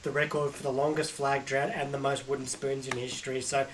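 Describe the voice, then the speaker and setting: A man's voice: medium pitch, flat delivery, fairly quick, a little hiss or hum. Hesitant, rambling man. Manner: hesitant, rambling, lots of restarts. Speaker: co-host. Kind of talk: casual sports chat. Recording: distant from the mic.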